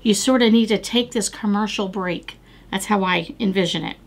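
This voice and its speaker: A woman's voice: mid-range voice, moderate pace. A middle-aged woman hosting a devotional podcast, talking earnestly and exhorting listeners with repeated phrases. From United States. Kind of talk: devotional talk.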